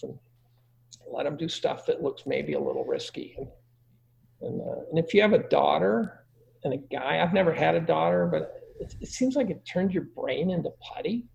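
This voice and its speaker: A man's voice: a little high, normal speed, gravelly, darkish tone, slight background noise. A middle-aged man giving crude, joking parenting advice in a casual conversation.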